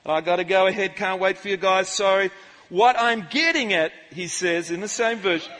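High, bright-voiced preacher in a big hall. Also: male voice, moderate pace. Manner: animated, jokey, shouts out to the crowd. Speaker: pastor. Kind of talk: lively church sermon. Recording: live sermon in a reverberant church hall.

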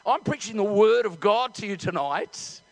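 A middle-aged man preaching a lively sermon. He tells the story with many restarts, acts out the voices and builds up to shouts. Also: high voice, moderate pace, creaky. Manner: animated storytelling, acting out voices. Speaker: pastor.

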